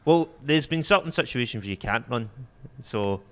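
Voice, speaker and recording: A man with a Glaswegian accent, telling a story in a laid-back, deadpan way and laughing through it. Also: mid-range voice, moderate pace, clean tone, in a large hall. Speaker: comedian guest. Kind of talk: casual storytelling.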